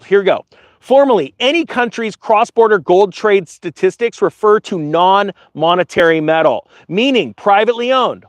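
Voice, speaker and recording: A man's voice: high voice, dry recording. A man hosting a finance channel, reading an article aloud and making casual, digressive, joking comments to viewers. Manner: animated, digressive, jokey asides to viewers.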